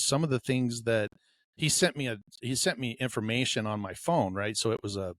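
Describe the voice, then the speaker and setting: Rich: A man at a middle pitch tells a story on a podcast in a relaxed, chatty way. He slips into the voices of the people he quotes. The sound is dry and close, with no room echo. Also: fairly quick. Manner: storyteller who acts out quoted dialogue. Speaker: podcast co-host. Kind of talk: casual podcast chat.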